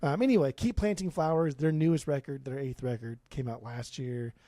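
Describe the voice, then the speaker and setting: A man's voice: mid-range voice, fairly quick, dark tone, no room sound. A man in his forties from Southern California, co-hosting a podcast with blunt, profane opinions. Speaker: podcast co-host. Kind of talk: casual podcast chat.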